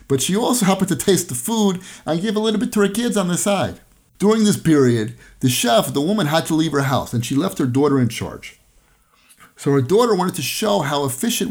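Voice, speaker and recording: A man tells Torah stories and parables in an earnest, plain way. His voice sits a little high. He sprinkles Hebrew and Yiddish terms through the telling. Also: darkish tone. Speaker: Torah teacher. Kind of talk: storytelling Torah talk.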